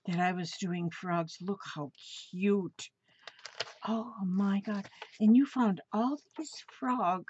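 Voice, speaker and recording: Woman crafter, gushing show-and-tell, unhurried pace, faint hiss behind. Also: mid-range voice, darkish tone. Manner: gushing, exclaims often. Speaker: crafting vlogger. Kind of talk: casual show-and-tell of a mail package. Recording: slightly dull home recording with faint noise.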